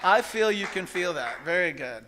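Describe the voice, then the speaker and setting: Bright-voiced man giving a spiritual talk. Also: high-pitched, moderate pace. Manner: lively, interactive, asks the audience questions. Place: church service hall.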